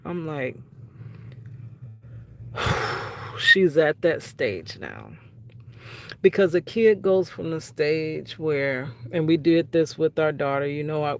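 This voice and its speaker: A middle-aged woman telling a casual vlog story with a gravelly, creaky voice. She talks at a slow, unhurried pace. She is frank and conversational, retelling exchanges with her family. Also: deep voice, a little hiss or hum. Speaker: vlogger, prison wife.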